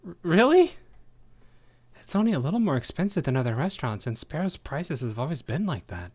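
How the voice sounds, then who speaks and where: A man voicing an eager young girl restaurant vendor who pitches food in an upbeat, slightly flustered way. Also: sing-song, a little fast, a little mellow.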